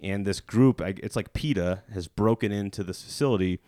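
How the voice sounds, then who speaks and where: A man hosting a podcast, recapping a movie in casual chat with friends, animated and quick to laugh. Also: fairly low pitch, no echo, clean studio sound. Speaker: podcast host.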